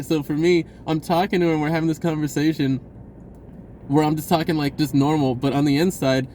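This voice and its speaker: A man's voice: on the high side, a little mellow, a little hiss or hum. A man telling a personal story in a casual, rambling way, laughing often and acting out the voices of people in it. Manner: acts out voices in his retelling.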